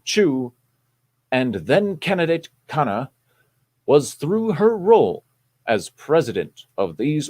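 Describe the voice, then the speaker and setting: A man's voice: a little high, a little mellow. A man reading a news article aloud on a casual live stream, in an exaggerated news-anchor voice.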